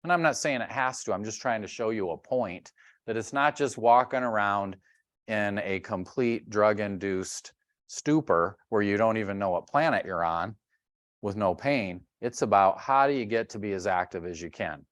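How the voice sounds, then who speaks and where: A middle-aged man giving a health workshop, telling animated stories and acting out sounds and voices. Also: fairly low pitch, moderate pace, no room sound, clean studio sound. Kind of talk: lively workshop talk.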